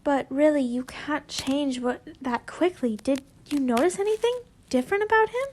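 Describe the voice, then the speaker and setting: A woman's voice: sits high, expressive, moderate pace, a little mellow, slight background noise, low-quality recording. A woman voicing a blunt, nosy teenage schoolgirl who asks prying questions.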